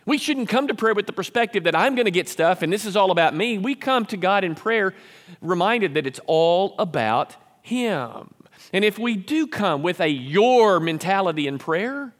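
A pastor preaching an earnest sermon, sometimes acting out selfish prayers in a raised voice. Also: male voice, sits high, a bit bright, long reverb tail.

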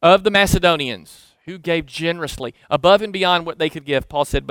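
High-voiced Southern preacher, dry sound. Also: male voice, normal speed, clear, resonant tone, dry recording. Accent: Southern American. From Southern United States. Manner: conversational preaching, rising to emphatic lists, dropping to hushed asides. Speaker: pastor. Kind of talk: sermon.

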